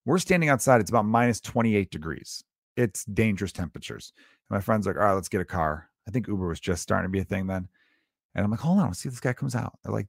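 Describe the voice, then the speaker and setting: A man in his thirties telling a story in a casual, animated and profane way, swinging between loud bursts and low asides. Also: quick pace, creaky, breathy edge, no echo, clean studio sound.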